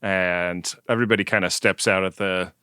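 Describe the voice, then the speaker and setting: A man with a lowish, resonant voice chats casually on a podcast, recapping a show in a relaxed way and laughing easily. He leans on "like" as a filler. The sound is close and dry, with no room around it. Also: normal speed, clean tone, dry recording. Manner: laid-back, laughs often, many "like" fillers. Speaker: podcast co-host. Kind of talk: casual chat recapping a TV episode.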